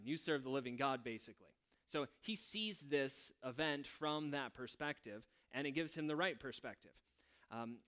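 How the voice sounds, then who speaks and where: A man leads a prayer, then teaches from a Bible passage in an easygoing, conversational manner, thinking out loud and dropping wry asides. His voice sits in the mid range with a clean tone.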